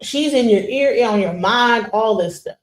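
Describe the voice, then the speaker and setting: A woman hosting a stream, giving casual, animated commentary. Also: fairly high pitch, unhurried, reverberant, rough recording. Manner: animated, conversational, mocking impressions. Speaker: streamer host.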